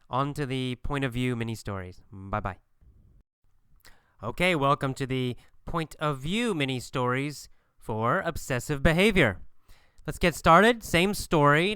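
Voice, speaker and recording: A man teaching an English lesson, speaking slowly and emphatically and repeating phrases for learners to copy. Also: mid-range voice, bright, forceful tone, clean tone, no room sound, studio quality. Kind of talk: scripted language lesson.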